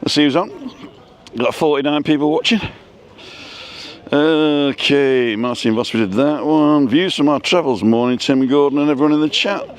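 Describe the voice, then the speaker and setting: A man's voice: a little high, normal speed, smooth. A man hosting a casual live stream while walking outdoors through a seaside town, chatting and reading out viewers' names. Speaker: vlogger host.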